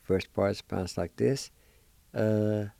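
A man hosting a weekly language lesson, spelling and pronouncing words slowly and repeating each syllable with care. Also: fairly low pitch, fairly even intonation, gravelly, mellow, no echo. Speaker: language teacher and program host.

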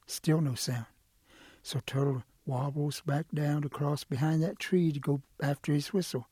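Husky male folk storyteller. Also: fairly high pitch, fairly even intonation, moderate pace, dark tone, no echo, clean studio sound.

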